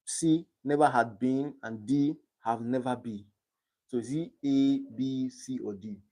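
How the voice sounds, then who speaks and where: A man's voice: mid-range voice, a little slow, dark tone. Young man tutoring on a live stream. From Nigeria. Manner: reads quiz options aloud and checks understanding.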